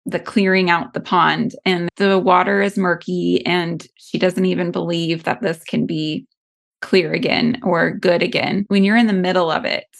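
A woman hosting a faith-based interview, speaking in a gentle, earnest, prayerful way. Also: on the low side, steady tone, moderate pace, creaky. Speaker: podcast host.

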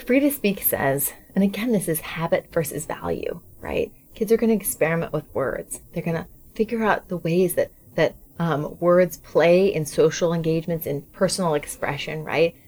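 A woman's voice: fairly low pitch, normal speed, a little mellow. A woman co-hosting a parenting talk, explaining ideas at length and often checking in with "right?". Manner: explanatory, frequent "right?" tags. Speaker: parenting podcast co-host. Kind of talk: casual chat.

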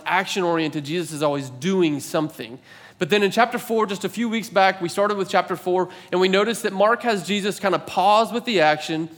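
A man in his thirties preaching a sermon, telling a personal story in a conversational, animated way with filler words. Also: a little high. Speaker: pastor.

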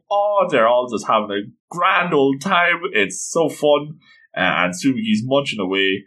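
A man casually reading through a manga chapter, gushing over it and doing quick voices for the characters. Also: medium pitch, lively intonation, pushed and bright. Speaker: manga reader and reviewer. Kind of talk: casual read-through commentary.

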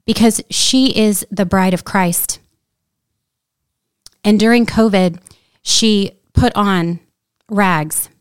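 A woman's voice: mid-range voice, takes it slowly, pauses often, clean tone, no echo. A woman telling a story in casual conversation, speaking earnestly and shifting into preacher-like emphasis. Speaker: guest.

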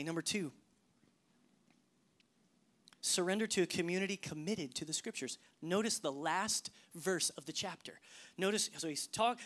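A man preaching a sermon, swinging between loud emphasis and hushed, whispered lines. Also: sits high. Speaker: pastor.

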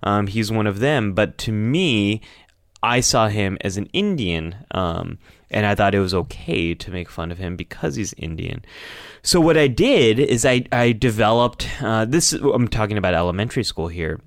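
Male podcast host, low smooth voice, dry close sound; candid, self-deprecating storyteller. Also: big pitch swings, normal speed, no room sound. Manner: candid and reflective, laughing wryly at himself. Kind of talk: casual podcast discussion.

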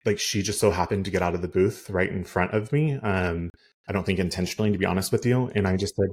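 A man with a very low, husky voice tells a story in casual podcast style. He rambles, filling his talk with "like" and "um". He sounds heated and indignant. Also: fast, darkish tone. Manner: rambling, many "like" and "um" fillers. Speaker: realtor.

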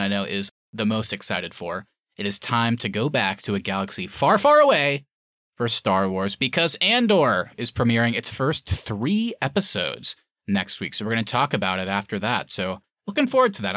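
A man's voice: mid-range voice, no room sound, clean studio sound. A man hosting a podcast, closing out the episode in a casual, enthusiastic way. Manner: animated, enthusiastic outro delivery. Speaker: podcast host.

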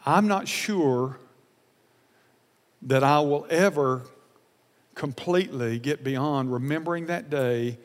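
A man preaching a sermon as a pastor, earnest and emotional, repeating phrases and swinging from loud emphasis to soft confession. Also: on the high side, slow pace, pauses often, long reverb tail.

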